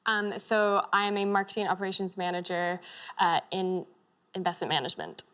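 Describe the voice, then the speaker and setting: A woman's voice: lowish voice, steady tone, fairly quick, fairly bright tone, smooth. A woman with an American accent, raised in Scotland, chatting shyly as a contestant on a TV quiz show. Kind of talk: casual chat. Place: TV studio.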